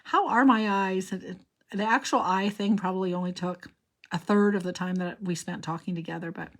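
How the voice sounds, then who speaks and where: An older woman hosts a chatty card-making tutorial, rambling and drifting into personal stories as she works. Her voice is medium in pitch with fairly even intonation, and she talks briskly.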